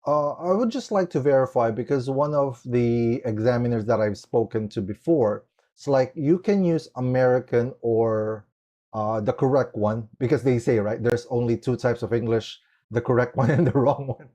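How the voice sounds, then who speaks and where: A podcast host with a warm, mid-range voice talks at normal speed while interviewing a guest in a casual, rambling way. He leans heavily on "like" and "it's like."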